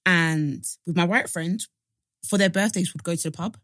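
Young woman, excitable podcast chat, lowish voice. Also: normal speed, no echo, clean studio sound. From East London. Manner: animated, trips over her words. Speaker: podcast co-host. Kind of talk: casual chat.

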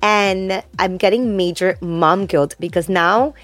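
A woman co-hosting a podcast, chatty and quick to laugh in casual conversation. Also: lowish voice, no room sound, faint music behind. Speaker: podcast co-host. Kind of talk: casual chat.

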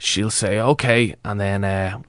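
A sleazy pick-up artist brags and bristles at every challenge, played by a man. His voice sits fairly low, recorded close and dry in a studio with no room around it. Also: fairly even intonation, measured pace, a bit bright, no room sound. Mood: smug. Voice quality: smug, boastful, defensive. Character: sleazy self-styled male pick-up artist. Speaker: studio guest. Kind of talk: improvised comedy sketch.

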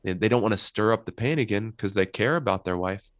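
Deep-voiced man explaining couples advice. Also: fast, dry recording, studio quality. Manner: earnest, explanatory, gives worked examples. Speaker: couples therapist. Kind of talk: interview guest explaining advice.

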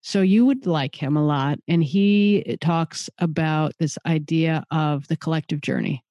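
A man's voice: on the high side, unhurried, darkish tone, dry recording, lo-fi sound. A man hosting a podcast, asking questions in a friendly, slightly unsure way and reading a closing outro. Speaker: podcast host. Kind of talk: casual interview, then scripted outro.

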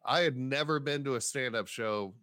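Comedian guest, male, dry close sound, lively raconteur who acts out quotes and swears. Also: medium pitch, moderate pace, dry recording. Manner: animated, acts out quoted voices, swears casually. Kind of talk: casual interview storytelling.

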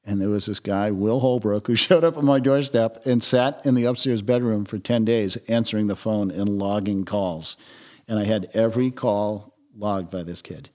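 A man as a podcast guest, talking reflectively with frequent restarts and soft trailing phrases. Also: on the low side, moderate pace. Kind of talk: conversational interview.

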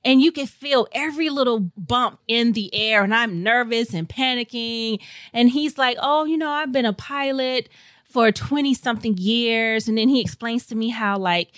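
A woman from St. Louis, Missouri, telling a travel story as a podcast guest in a lively, laughing way. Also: a little high, moderate pace, no echo. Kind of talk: casual storytelling.

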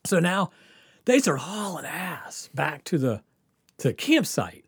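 A man's voice: a little high, unhurried, slightly rough, no room sound, studio quality. A man hosting a podcast, telling a story casually with lots of laughter and acted-out quotes. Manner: animated, laughing often, acts out quotes. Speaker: podcast host.

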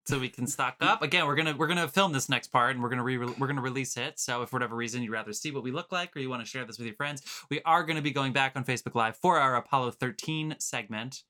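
A man's voice: medium pitch, fast talker, hardly any pauses, sharp tone. A man hosting a casual movie podcast over a video call, emphatic and swearing freely, with showman-style segment intros. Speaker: podcast host.

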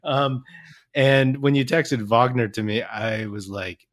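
Excitable man chatting about basketball. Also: mid-range voice, slow. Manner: excitable, laughs often, restarts sentences. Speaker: podcast co-host. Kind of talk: casual sports chat.

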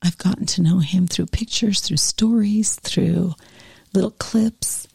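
Middle-aged woman guest, soft and slow, husky and dark, dry close mic. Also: on the low side, no room sound. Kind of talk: heartfelt conversation.

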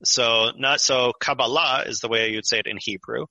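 A man's voice: mid-range voice, steady tone, moderate pace, vocal fry, pushed and bright, dry recording, lo-fi sound. A man, a guest author in a conversational podcast interview, explaining ideas at length, digressive and full of fillers.

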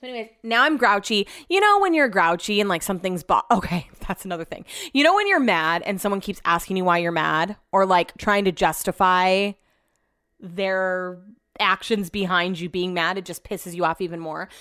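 A woman's voice: medium pitch, animated, moderate pace, bright, forceful tone, dry recording, studio quality. A woman hosting a casual solo podcast, venting about her day and swearing freely as she rambles, recorded in her home office. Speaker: podcast host.

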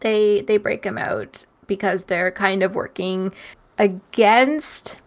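A young woman co-hosting a podcast in casual chat, quick and upbeat with lots of fillers like "like" and "um". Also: medium pitch, fairly even intonation. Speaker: podcast co-host.

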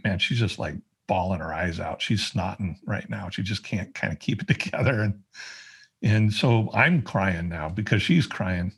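A man with a husky, breathy voice sits low in his register as he tells a personal story on a podcast. He talks casually, stopping and restarting often and using plenty of fillers. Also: moderate pace. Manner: conversational, with frequent fillers and restarts. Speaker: podcast guest.

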